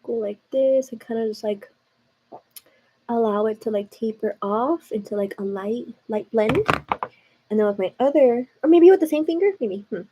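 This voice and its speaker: A woman's voice: a little high, normal speed, background noise. Chatty woman doing makeup live. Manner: chatty, confiding, says "girl" and "like" often. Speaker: livestream beauty host. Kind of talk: casual makeup tutorial chat.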